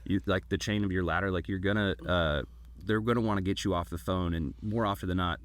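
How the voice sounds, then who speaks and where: Man, low voice, rapid rambling storyteller, dry close sound, podcast co-host. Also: steady tone, no room sound. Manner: rambling storytelling with many restarts. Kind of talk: casual chat.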